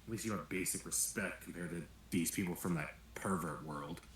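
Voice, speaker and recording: A man's voice: low-pitched, brisk, fairly bright tone. A man speaking curtly in character as a tabletop role-play player. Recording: echoey room mic.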